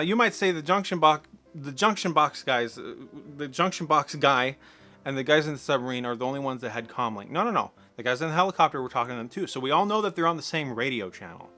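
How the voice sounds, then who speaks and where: A man's voice: on the high side, pushed and bright. A man ranting through a sarcastic, profane film commentary, exasperated and incredulous. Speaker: movie commentator.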